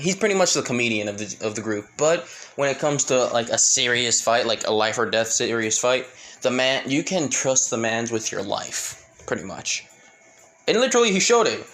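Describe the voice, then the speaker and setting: A man's voice: mid-range voice, fairly bright tone. A man casually retelling a fan story in a rambling way, full of fillers and self-corrections.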